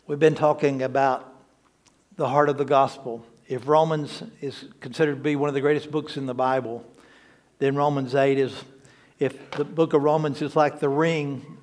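A church's lead pastor, with a mid-range voice, preaches an emphatic yet conversational sermon. He repeats key words for stress and slips in humorous asides.

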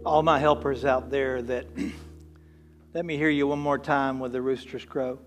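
A man's voice: medium pitch, fairly even intonation, a little slow, over loud music. A male pastor preaching in a conversational way, joking with the congregation. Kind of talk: sermon.

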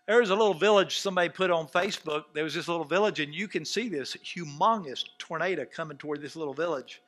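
A man preaching a sermon as pastor, swinging from soft asides to shouted outbursts and acting out quoted dialogue. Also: on the high side, quick pace. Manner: acts out quoted dialogue in scenes.

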